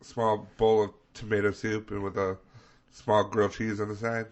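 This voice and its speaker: A man's voice: lowish voice, level tone, moderate pace, crowd noise. A man co-hosting a comedy podcast who tells stories in casual chat, teasing and laughing. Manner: storytelling, teasing, laughs often. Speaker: podcast co-host.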